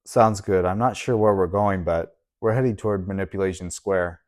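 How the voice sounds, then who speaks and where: A firm, disapproving young man who keeps his companion in line, as a male narrator puts him on. The voice is low and deep, with a clipped, watchful delivery. This is a storybook reading. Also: fairly even intonation, moderate pace, darkish tone, close to an everyday voice. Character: stern, guarded young man guiding a newcomer.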